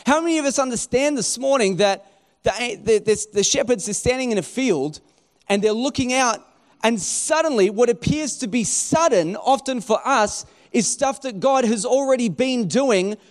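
High-voiced man preaching. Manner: conversational preaching with rhetorical questions and restarts. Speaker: pastor. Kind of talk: sermon.

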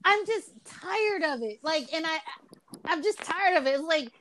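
A woman's voice: very high voice, animated, measured pace, fairly bright tone, a little hiss or hum, rough recording. A woman hosting a podcast in casual chat, teasing her co-hosts and laughing often. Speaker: podcast host.

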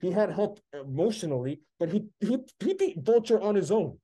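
A man's voice: high-pitched, lively intonation, normal speed, dark tone. A man co-hosting a podcast, ranting in a heated, sarcastic way during casual chat. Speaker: podcast co-host.

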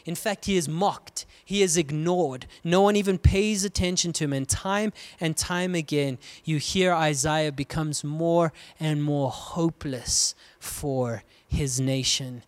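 High-voiced man preaching with rising cries. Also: a little slow, hardly any pauses. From South Africa. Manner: dynamic preaching, swinging between loud cries and hushed lows. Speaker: pastor. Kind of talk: sermon.

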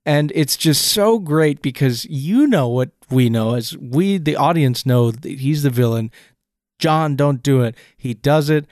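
A man's voice: fairly high pitch, expressive, unhurried, few pauses, a little mellow, dry recording, clean studio sound. A man co-hosting a casual podcast, picking apart a film scene with enthusiastic, rambling analysis and frequent restarts. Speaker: podcast co-host.

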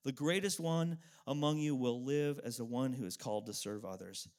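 A man's voice: medium pitch, a little mellow. Earnest middle-aged man preaching. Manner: earnest, emotional storytelling with pauses and repetition. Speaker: pastor. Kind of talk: sermon.

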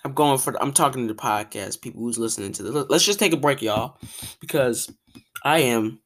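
A young woman hosting a podcast, ranting casually in an exasperated, animated way, full of restarts and fillers. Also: very deep voice, brisk. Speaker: podcast host.

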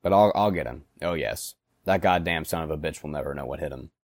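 A man's voice: a bass voice, brisk, dry recording, clean studio sound. A man voicing a foul-mouthed, furious sewn-together toy man in a dramatic reading, cursing and seething. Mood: grim. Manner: swearing, seething, bursts of rage.

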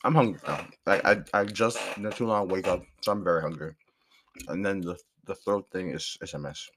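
A man hosting his own podcast in a rambling, casual way, hoarse from a sore throat and pausing now and then to chew. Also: low-pitched, fairly bright tone, slight background noise. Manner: rambling, chatty, pauses to chew food. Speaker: podcast host. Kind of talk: casual solo podcast chat.

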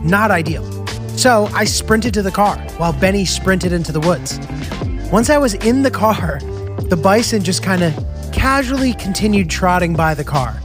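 A man's voice: sits high, normal speed. A young man chatting casually about a road trip, easygoing and full of filler words. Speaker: travel vlogger. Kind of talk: casual travel narration. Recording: voice-over with music bed.

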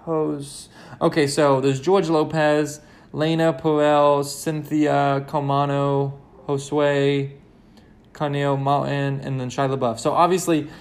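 A man's voice: on the high side, little pitch movement, slow pace. A young man hosting a solo podcast, rambling and correcting himself, and getting worked up as he talks. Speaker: podcast host.

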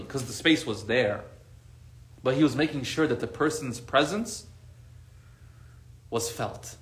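A man giving a lively, conversational sermon to a group, acting out what friends would say. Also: a little high, echoey room. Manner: animated, conversational, acts out quoted friends. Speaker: religious teacher.

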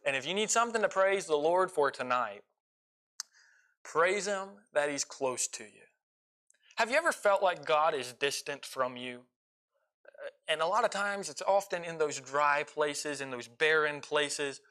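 A man preaching a sermon with impassioned delivery, swinging between loud pleading and quiet intensity. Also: fairly high pitch, expressive, a little slow. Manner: impassioned, rising and falling in volume; emotional.

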